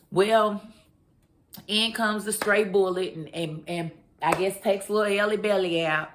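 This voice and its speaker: A woman's voice: mid-range voice, normal speed, background noise. A woman reviewing a TV drama episode in a chatty, slangy recap, talking straight to her viewers. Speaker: TV review vlogger. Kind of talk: casual recap chat.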